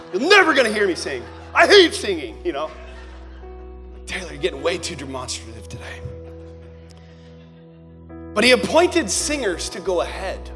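A young man preaching a sermon as pastor, moving between quiet prayerful passages and loud shouted ones. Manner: animated, swings from low prayerful tones to shouting. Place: church sanctuary. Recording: long hall reverb with faint music.

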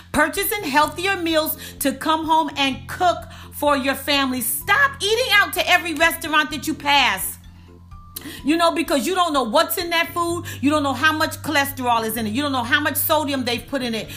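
With a sharp, high-pitched voice, this woman preaches about wellness as a faith and wellness speaker. She addresses the crowd as y'all, says lines over again to drive them home, and stretches her key words out slowly.

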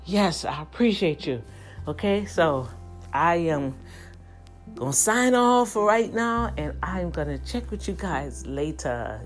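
A woman's voice: on the low side, very animated, takes it slowly, soft background music. Breathless fervent woman podcast host. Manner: fervent, preacherly, repeats phrases. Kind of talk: casual podcast talk with prayer.

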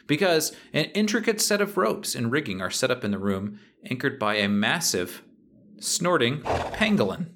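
A man's voice: mid-range voice, sing-song, normal speed, fairly bright tone, slight background noise. A man hosting a podcast as game master, describing scenes in a playful, detailed way. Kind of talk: narrating a tabletop game.

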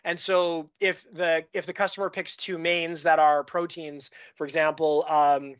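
A man's voice: a little high, little pitch movement, a little slow, fairly bright tone, clear, resonant tone, lo-fi sound. A man from Canada, a guest on a podcast, talking casually about his work and telling stories with lots of restarts and fillers. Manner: rambling, with frequent restarts and fillers. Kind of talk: casual conversational storytelling.

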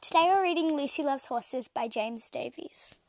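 High-voiced woman reading kids' stories. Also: background noise. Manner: slow, clear, expressive. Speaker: storyteller. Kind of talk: reading children's stories aloud.

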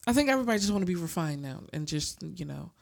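A woman with a voice who chats casually and tells her stories in an animated way. She swears freely and drops into quick impressions of the people she's talking about. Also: lowish voice, creaky. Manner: animated storytelling, heavy swearing, acts out quoted voices. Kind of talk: casual chat.

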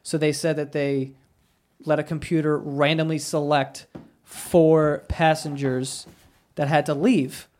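A man hosting a podcast, telling a story in casual chat with lots of swearing and animated asides. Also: fairly high pitch, takes it slowly. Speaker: podcast host.

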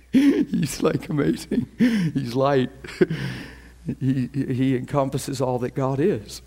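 A man's voice: mid-range voice, takes it slowly, creaky, husky. A male pastor delivering a sermon, telling a personal story with frequent laughter and voicing quoted people. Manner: animated, laughs often, voices quoted people.

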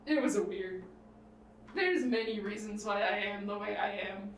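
A woman's voice: medium pitch, moderate pace. A woman from England co-hosting a podcast, chatting casually and laughing often as she rambles through stories. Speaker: podcast co-host. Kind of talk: casual chat. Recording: echoey room from far off with faint noise.

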